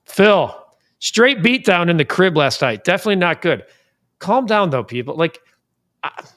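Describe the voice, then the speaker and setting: A man hosting a casual sports talk show from a studio, ranting in an animated way that jumps between calm and loud. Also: fairly high pitch.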